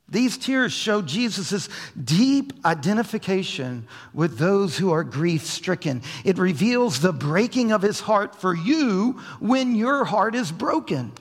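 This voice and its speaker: A male pastor preaching a sermon, dropping to soft low asides and then rising to raised, emphatic lines. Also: gravelly. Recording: long hall reverb.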